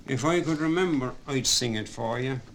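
A man's voice: mid-range voice, normal speed, fairly bright tone, a little hiss or hum, close to an everyday voice, rough recording. A man reading an audiobook, voicing a sly young soldier who teases the police. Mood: teasing. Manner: sly, teasing.

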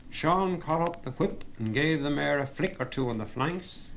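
A man reading a story aloud as narrator, with steady storytelling. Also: a little high, normal speed, slight background noise. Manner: steady storytelling, voices the characters. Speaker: audiobook narrator. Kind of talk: scripted narration.

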